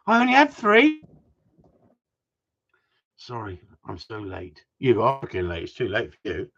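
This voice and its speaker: A man's voice: high voice, breathy edge, muffled recording. A man, from Wigan, chatting on a livestream, joking, swearing and rambling at his viewers. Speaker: gundog trainer. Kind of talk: casual livestream chat.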